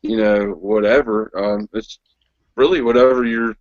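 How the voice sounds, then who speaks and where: A man in a casual chat, speaking hesitantly with many pauses and restarts. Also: lowish voice, steady tone, dry recording, lo-fi sound. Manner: hesitant, lots of ums and restarts.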